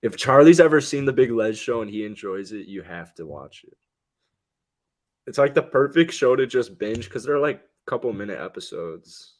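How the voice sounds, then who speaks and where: A man's voice: medium pitch, animated, normal speed. A man in his twenties co-hosting a podcast, telling rambling stories full of fillers in casual banter. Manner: rambling, filler-heavy storytelling. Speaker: podcast co-host.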